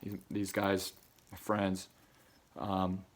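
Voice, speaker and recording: A man's voice: sits low, monotone, extremely slow. A man giving a rambling personal monologue in casual slang, repeating himself and getting emotional. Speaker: vlogger.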